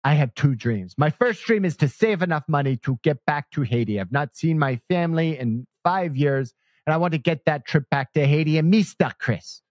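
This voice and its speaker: A man's voice: a little high, a little mellow, dry recording. A man voicing an earnest, grateful young male waiter in his own story.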